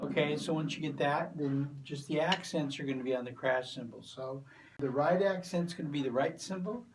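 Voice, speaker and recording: A man giving a drum lesson, explaining crash patterns step by step in a relaxed way with plenty of fillers. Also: on the high side, moderate pace, music in the background. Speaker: drum teacher. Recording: voice from a distance from the mic. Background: drum kit and cymbals.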